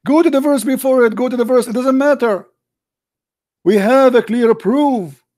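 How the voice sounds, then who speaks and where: A man's voice: very high voice, normal speed, darkish tone, no room sound, studio quality. A man hosting a heated live call-in debate, combative and interrupting, repeating his points insistently and losing his voice. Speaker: livestream debate host.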